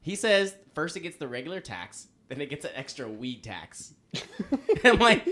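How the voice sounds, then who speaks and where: A young man swaps loose, laugh-filled stories in an easy chat. He mocks himself, rambles, and lets his voice swing up and down in lively jumps. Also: fairly high pitch, moderate pace. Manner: rambling, laughing, self-mocking. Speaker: podcast guest, band frontman. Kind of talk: casual storytelling chat.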